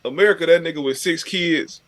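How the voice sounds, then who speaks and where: Higher-voiced man, wry and jokey. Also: fairly quick, a bit bright. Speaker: podcast co-host. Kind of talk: casual chat.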